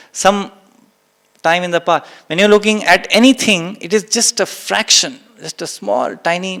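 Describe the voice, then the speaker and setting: With a high, fairly bright, clean-sounding voice, a spiritual teacher speaks to listeners present and online. His delivery is emphatic, he repeats key phrases, and he acts out exclamations.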